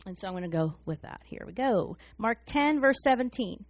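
A woman preaching a sermon in a fast, excited, humorous way. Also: mid-range voice, no echo.

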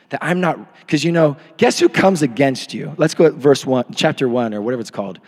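A man in his thirties preaching a sermon into a microphone, swinging from hushed asides to shouted peaks. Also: on the high side, animated, brisk, few pauses. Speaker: pastor. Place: church hall. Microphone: handheld or podium microphone. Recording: long hall reverb.

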